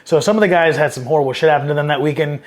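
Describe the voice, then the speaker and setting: Talking in rapid-fire bursts with a slightly high voice, this man is a middle-aged former Marine from Southern California. His war-era tales come out profane and meandering in a casual interview, and he grows livelier whenever he quotes someone.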